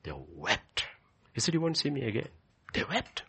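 A male pastor preaching a sermon, emphatic and repeating key phrases, swinging between loud declarations and quiet, low passages. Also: very animated, fairly quick, vocal fry, husky.

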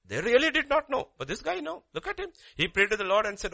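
A male pastor delivering a sermon with a bright, forceful voice pitched a little high. He swings between loud, climbing exclamations and low, hushed lines, reading scripture aloud as he goes. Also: quick pace, vocal fry, hardly any pauses. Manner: animated preaching with sudden pitch jumps and quiet drops.

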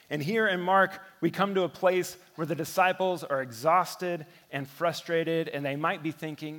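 A man in his thirties preaching a sermon, telling everyday stories and often dropping to a hushed voice for effect. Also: fairly high pitch, normal speed, hardly any pauses, in a large hall. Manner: storytelling preacher who drops to a hush for effect. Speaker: pastor.

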